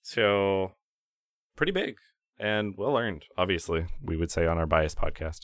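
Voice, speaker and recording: Low-voiced man, laughing podcast co-host. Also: expressive, unhurried, dry recording, studio quality. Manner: laughs often, rambling with fillers. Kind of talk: casual chat.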